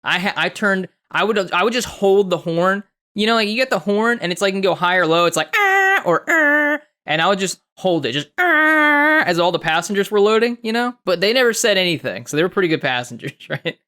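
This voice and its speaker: A young man co-hosting a podcast, telling a story in a casual, profane and animated way, mimicking voices along the way. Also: high voice, fast talker, few pauses. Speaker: podcast co-host.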